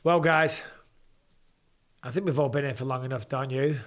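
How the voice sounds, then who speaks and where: A man's voice: medium pitch, moderate pace, fairly bright tone. Tired man hosting a live reaction stream. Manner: blunt and chatty, swears freely, reads viewer comments aloud. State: tired after hours of talking. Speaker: host of a live fight watch-along stream.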